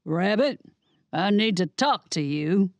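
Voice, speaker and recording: A woman's voice: mid-range voice, animated, slow, no echo. A woman voicing a menacing, enraged woman with a knife in an audiobook, threatening in tone. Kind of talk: audiobook character voice.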